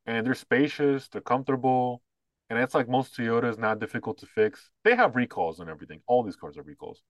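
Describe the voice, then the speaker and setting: Chatting casually as a podcast co-host, this man speaks briskly and animatedly at a medium pitch, rambling with plenty of fillers and swearing bluntly. He mimics others mockingly when quoting them, and the recording is dry.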